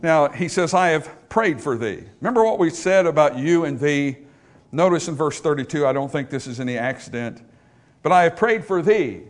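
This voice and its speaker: A man preaches a sermon with a high, lively voice that climbs and falls widely. He drops low and slow to quote scripture, then rises to loud, emphatic declarations before his congregation. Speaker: pastor. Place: church in front of a congregation.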